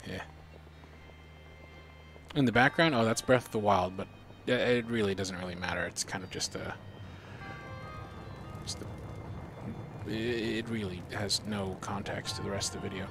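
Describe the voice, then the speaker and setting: A gaming streamer with a lowish voice chats with viewers at a normal speed, pausing often while music plays behind him. His commentary is laid-back and rambling.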